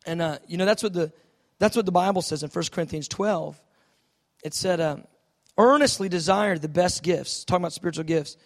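A male pastor preaching a sermon, telling stories with lively, animated delivery and acted-out voices. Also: high-pitched, fairly quick. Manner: animated storytelling, acting out voices, drops soft for quoted God.

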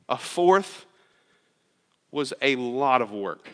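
A pastor delivers a sermon in a loose, chatty storytelling manner, full of fillers and restarts. His voice has a bright, forceful edge. It rings out with a long reverb, as in a large sanctuary. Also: a little high, animated, normal speed. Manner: casual, storytelling with lots of fillers. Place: church sanctuary.

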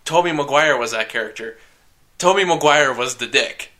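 A man co-hosting a movie podcast, chatting casually and telling animated, joking stories. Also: mid-range voice, normal speed. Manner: animated, joking, breaks into silly singing. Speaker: podcast co-host. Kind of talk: casual chat.

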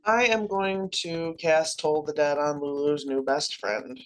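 A woman playing a tabletop game, joking in a wry way with the table. Her voice sits slightly low. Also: fairly even intonation, a little slow, low-quality recording. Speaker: player.

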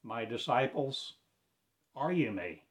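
A man performs a spoken-word monologue in slow, drawn-out fragments. His delivery is incantatory, with preacher-like phrasing, in a mid-range voice. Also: mid-range voice, expressive.

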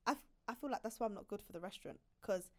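A woman's voice: medium pitch, rapid-fire. A young woman in her twenties, a podcast guest chatting casually, telling stories with frequent laughs and acting out other people's lines. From United Kingdom.

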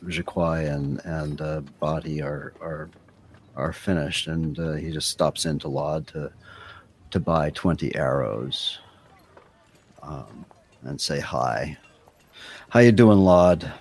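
Deep slow guy describing what his character does, lots of uhs, faint noise. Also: steady tone. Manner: halting, filler-heavy. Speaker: player. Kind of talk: narrating his character's actions.

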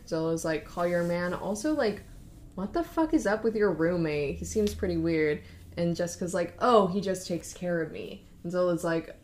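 A young woman co-hosting a podcast, casually retelling a story and acting out the quotes with lively shifts in her voice. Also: fairly low pitch, moderate pace. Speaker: podcast co-host.

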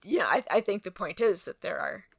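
A woman co-hosts a casual faith podcast in a husky voice with gravelly fry. Her pitch swings a lot as she talks, and her tone stays light, with small asides. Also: expressive, brisk. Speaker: podcast co-host.

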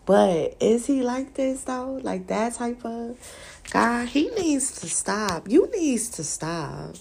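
A woman's voice: on the high side, big pitch swings, slow, gravelly, darkish tone, slight background noise. A woman hosting a podcast, venting in a casual, profane, exasperated way and often breaking into laughter. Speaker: podcast host.

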